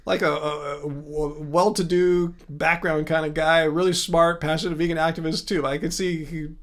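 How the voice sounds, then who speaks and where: A man's voice: fairly high pitch, flat delivery, normal speed. A man hosting a casual livestream, reading viewer comments aloud and rambling chattily with lots of fillers and self-corrections. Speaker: livestream host.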